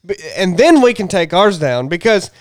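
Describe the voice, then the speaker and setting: A man cutting in with quick, indignant remarks during casual banter about a trip. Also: high-pitched, big pitch swings. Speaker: trip companion.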